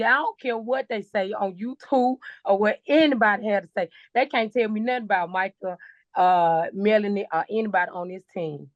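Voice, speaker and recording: A woman's voice: medium pitch, fairly quick, no room sound. Woman co-host going all in, fervent and emphatic, dry dull call audio. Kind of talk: emotional testimonial on a group call.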